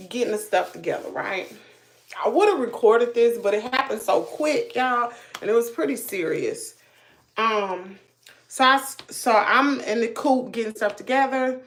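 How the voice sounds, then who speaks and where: A middle-aged woman with a Southern US accent hosts a livestream, telling a story in a relaxed, chatty way while doing her makeup. Her voice is a little high and a little slow, and she is animated, sometimes dropping to a hushed near-whisper.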